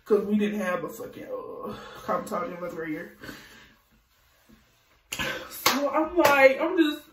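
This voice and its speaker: A young adult woman telling a casual storytime vlog, animated and profane, laughing often. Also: medium pitch, normal speed, far from the mic, noisy background. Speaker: vlogger. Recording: echoey room, voice off-mic.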